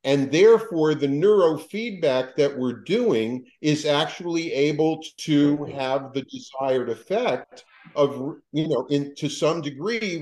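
A male psychologist with a fairly high voice spins an animated story for a podcast. He quotes others and restarts sentences as he speeds along. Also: rough recording.

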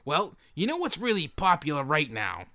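A man playing a scheming male film producer in a comedy sketch, rambling and halting with lots of fillers. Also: on the high side, wildly swooping pitch, pushed and bright, heavily acted.

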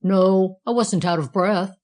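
A woman's voice: mid-range voice, unhurried, a little mellow, natural voice. A woman voicing a grumpy, contrary talking bellows in a read-aloud storybook, speaking bluntly and curtly.

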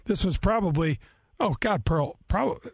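A man's voice: high voice, expressive, a little slow, vocal fry, husky, dry recording. A man in his fifties telling a long, rambling, self-mocking story with lots of fillers and restarts in casual talk. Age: 50s. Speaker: co-host, former golfer.

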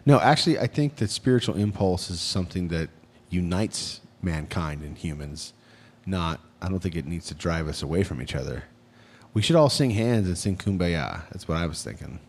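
A man's voice: low-pitched, lively intonation, moderate pace, slightly rough. An American man co-hosting a podcast, joking around in casual banter with bursts of mock outrage. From United States. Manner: jokey, loud outbursts, mock indignation. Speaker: podcast co-host.

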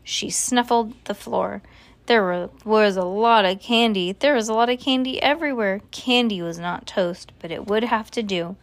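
A woman reading a children's book aloud in a lively, expressive way. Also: mid-range voice, normal speed, dry recording. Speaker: storyteller.

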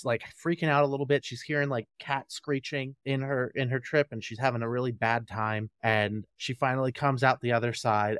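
A man's voice: mid-range voice, a bit bright, dry recording. A man co-hosting a podcast in casual chat, a joking, rambling storyteller on a close mic. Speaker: podcast co-host.

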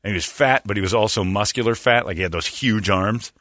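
A man hosting a podcast, telling comic stories in a lively way and acting out the quotes. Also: lowish voice, brisk, no room sound. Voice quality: animated, acts out quotes. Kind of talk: comic storytelling chat.

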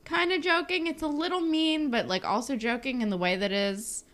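A woman's voice: high voice, steady tone, normal speed, fairly bright tone. A young woman co-hosting a casual chat, recapping a TV episode with laughs and dry asides. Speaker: podcast co-host.

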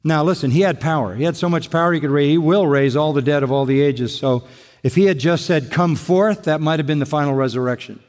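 An older male pastor delivers a sermon, pressing his points with emphasis and repeating key phrases. His voice sits a touch high for a man. It rings out with a long reverb, as if filling a large church hall. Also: quick pace, darkish tone.

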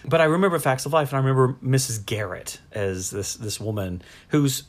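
A man's voice: medium pitch, lively intonation, fairly quick. A man co-hosting a casual podcast chat, rambling through his thoughts with frequent restarts. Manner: rambling, laughs often, restarts. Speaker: podcast co-host.

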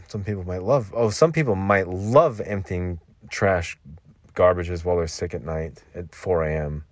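A man's voice: deep voice, a little slow, no room sound. A man hosting his own podcast in a loose, rambling monologue from a makeshift home vocal booth. He sounds tired after a long work shift, loses his train of thought and keeps repeating himself. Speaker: podcast host.

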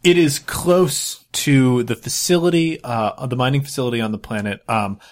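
A man's voice: medium pitch, moderate pace. A man running a tabletop game as game master, rambling with many fillers.

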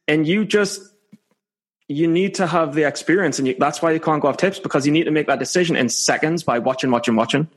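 A Scottish man joins a trading podcast as a guest and talks casually. His voice sits a bit high, and he is playful and quick to poke fun at himself. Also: fairly bright tone. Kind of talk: casual chat.

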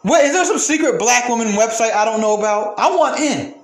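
A man's voice: very high voice, a little fast, echoey room. A man hosting a podcast, delivering an angry, profane rant and repeating phrases for emphasis. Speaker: podcast host. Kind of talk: heated ranting monologue.

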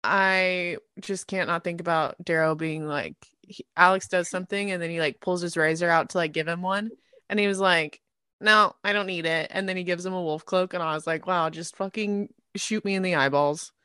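A woman's voice: fairly low pitch, steady tone, moderate pace, pushed and bright, clean tone, no room sound, studio quality. A woman co-hosting a casual podcast chat about books, giggling and trailing off mid-thought. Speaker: podcast co-host. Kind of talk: casual book-club chat.

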